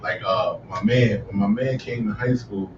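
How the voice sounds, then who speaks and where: A man co-hosting a podcast, speaking earnestly and thoughtfully, building his point slowly. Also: on the low side, slight background noise. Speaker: podcast co-host. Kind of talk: casual podcast conversation. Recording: echoey room, distant mic, dull sound.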